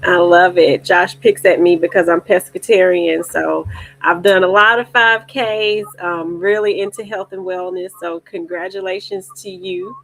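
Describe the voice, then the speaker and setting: An upbeat woman moderates the panel and keeps the conversation moving. She affirms each guest warmly and sets up their questions in a friendly, lively way. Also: on the low side, no room sound, low-quality recording. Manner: upbeat, encouraging, quick affirmations. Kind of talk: hosting a panel talk.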